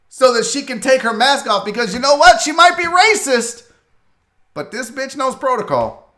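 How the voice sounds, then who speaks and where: A male talk show host giving a profane, animated comedic commentary on a viral video, laughing often. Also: extremely high pitch, normal speed. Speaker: sports radio host.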